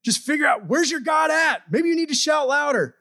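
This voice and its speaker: A cocky, taunting man, as a preacher acts him out, heckles his rivals in slangy, casual talk. His voice jumps up high and gets loud, almost shouting. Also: lively intonation, fairly quick, heavily acted.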